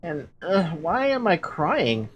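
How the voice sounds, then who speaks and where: A woman's voice: lowish voice, sing-song, slow pace, lo-fi sound, slight background noise. A woman voicing a timid schoolgirl who is frightened and alone, read from game dialogue. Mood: panicked. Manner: anxious, pleading. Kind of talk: reading game dialogue aloud.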